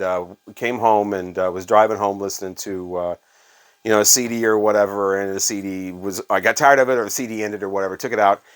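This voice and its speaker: A middle-aged man from Illinois, USA, tells rambling stories in a casual storytelling vlog, speaking conversationally with frequent fillers. His voice is lowish with a fairly bright tone, and he is a former radio staffer and record collector.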